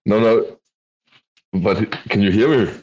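A man's voice: fairly low pitch, fairly even intonation, slow pace, darkish tone. Laid-back man on a dull lo-fi line. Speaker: guest speaker. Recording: dull lo-fi line with faint noise.

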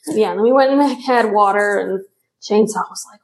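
A woman's voice: a little high, lively intonation, moderate pace, pauses often. Laughing woman telling a hiking story. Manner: laughs often, acts out her shouting. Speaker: guest. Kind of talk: casual storytelling.

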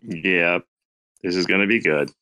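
A man's voice: deep voice, a little slow, bright, forceful tone. An American man chatting casually on a panel, rambling and swearing as he riffs on accents. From United States. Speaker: panel guest. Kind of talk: casual chat.

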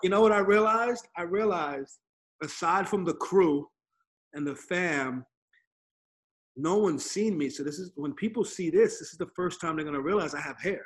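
Male podcast host, slightly high voice, animated storyteller, casual chat over a video call. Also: moderate pace.

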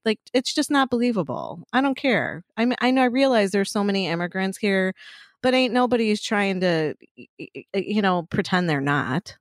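A woman's voice: medium pitch, big pitch swings, normal speed, dry recording, clean studio sound. A woman co-hosting a casual chat, blunt, swearing freely and laughing often.

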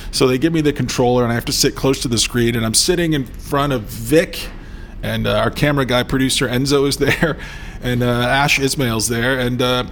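A man's voice: mid-range voice, steady tone, brisk, fairly bright tone, slight background noise. A man co-hosting a podcast, telling stories about himself in a self-mocking way. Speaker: co-host. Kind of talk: casual podcast chat.

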